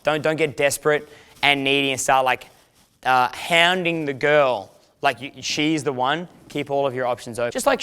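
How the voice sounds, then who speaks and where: A man's voice: medium pitch, a bit bright, clean tone. A man, a dating coach giving a casual, profane instructional talk and acting out quoted lines.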